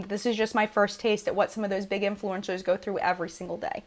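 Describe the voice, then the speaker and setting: A woman in her thirties hosting a live chat, emotional and apologetic, crying at times, talking in halting restarts. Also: medium pitch, level tone. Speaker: beauty channel host.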